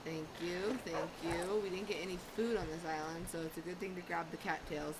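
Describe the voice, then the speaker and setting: A gaming channel host, a woman with a fairly low, steady voice, delivers brisk let's play commentary over loud game music in a noisy setting. She chats to her in-game dog as she plays and cries out in frantic repeats when things go wrong.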